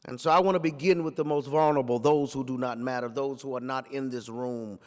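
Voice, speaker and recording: Male preacher at a lectern; story-driven talk in a preaching cadence, echoing hall. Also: a little high. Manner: rhetorical, repeats phrases for emphasis, builds to forceful peaks. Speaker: pastor giving a talk.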